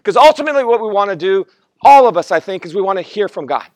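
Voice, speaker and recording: Speaking fast and expressively in a high-pitched voice, a fifties-aged man preaches as a guest pastor. He recounts a personal story with dramatized quotes, stumbling and restarting a lot, with no echo on the recording.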